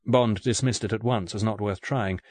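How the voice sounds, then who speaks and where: A man narrating an audiobook in a steady, even reading voice. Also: lowish voice, moderate pace, no room sound. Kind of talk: scripted narration.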